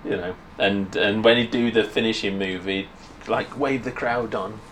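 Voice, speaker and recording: A man's voice: on the low side, steady tone, normal speed, fairly bright tone. A man co-hosting a podcast, chatting casually, joking and riffing on a bit. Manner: jokey, laughs a lot, riffs on bits. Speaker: podcast co-host. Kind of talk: casual pub chat. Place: pub. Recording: noisy pub ambience.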